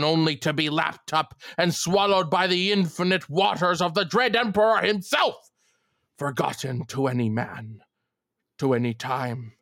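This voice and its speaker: A woman's voice: a bass voice, dry recording, studio quality. A woman voicing a ranting, wrathful old male sea captain in a theatrical salty dialect. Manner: slow, drawn-out curse delivery.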